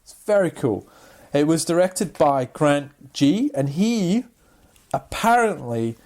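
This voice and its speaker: A man with a fairly high voice speaks slowly while co-hosting a laid-back podcast. Animated in his storytelling, he acts out the people he quotes.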